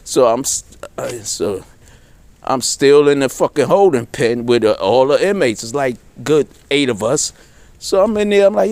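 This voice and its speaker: A middle-aged man telling a rough jail story in casual street talk, swearing constantly and acting out the people he quotes. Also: mid-range voice, moderate pace, no echo. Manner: animated, swears constantly, voices characters in quotes.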